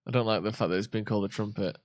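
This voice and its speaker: Rapid-fire and steady-toned, this man's voice sits on the low side. As a co-host of a live football watchalong, he rambles and cracks jokes in casual chat while hunting for the right words.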